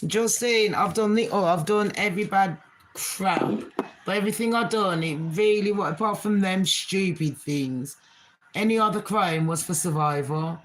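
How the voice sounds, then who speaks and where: A woman's voice: mid-range voice, moderate pace, a little hiss or hum. A middle-aged woman, hosting a casual live chat with her viewers in a rambling, frank, slangy way. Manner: slangy street talk. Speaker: livestream host.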